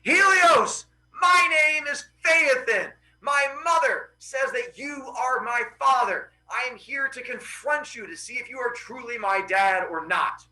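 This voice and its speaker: A man voicing a brash teenage demigod boy who shouts his demands in a loud, excited, bratty way. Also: sits high, moderate pace, full character voice, poor audio. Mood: defiant.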